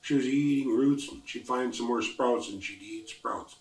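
An elderly man from the Lummi Nation telling a traditional story in simple, repetitive, unhurried phrasing. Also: medium pitch. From Lummi Nation, Washington, US. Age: older. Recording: echoey room, distant mic.

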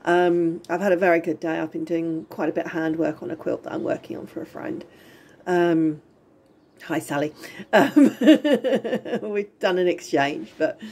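A woman's voice: lowish voice, vocal fry, darkish tone. A middle-aged woman giving a rambling, chatty video diary from her home, often breaking into giggles. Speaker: vlogger. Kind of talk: casual lockdown diary vlog. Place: home in Spain during lockdown.

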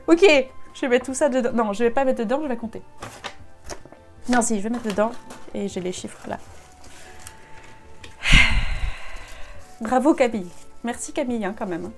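A French woman with a French accent chatting excitedly to herself during a casual live stream, slipping between English and French. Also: fairly high pitch, moderate pace, long pauses, faint music behind. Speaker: costume maker streaming live. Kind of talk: casual live-stream chat while unboxing.

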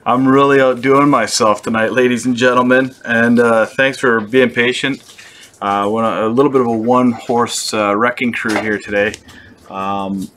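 A man's voice: medium pitch, steady tone, normal speed, fairly bright tone, a little hiss or hum. A young man hosting a fly-tying show, who keeps it casual and makes playful, self-mocking jokes as he works. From British Columbia, Canada. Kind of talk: casual joking tutorial.

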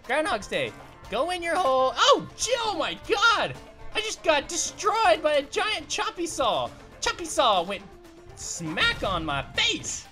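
A woman's voice: high-pitched, wildly swooping pitch, measured pace, bright, forceful tone, faint music behind, heavily acted. Giggly cartoon grape girl gamer. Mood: excitable. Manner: giggly, punny, yelps at danger. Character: bubbly young female grape gamer, goofy and excitable. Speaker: host of gaming videos. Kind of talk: animated let's-play commentary.

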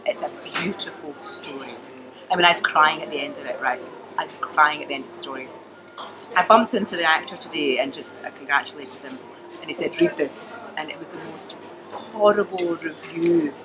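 A woman comedian with a Scottish accent, chatting in an interview and telling stories with emphatic, animated delivery. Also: sits low, a little fast, noisy background. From Scotland. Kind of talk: casual interview chat.

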